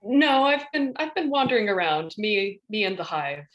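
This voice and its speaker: A woman's voice: mid-range voice, big pitch swings, normal speed, highs cut off, close to an everyday voice. A woman playing a Warforged robot ranger with a bee hive inside, speaking plainly and matter-of-fact. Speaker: player.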